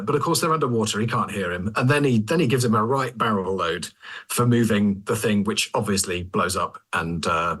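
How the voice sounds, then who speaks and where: Man, husky voice, casual podcast chat, enthusiastic storyteller. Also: on the low side, fairly quick, a bit bright. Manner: enthusiastic, recounts comic scenes, quotes lines in silly voices. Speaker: podcast co-host.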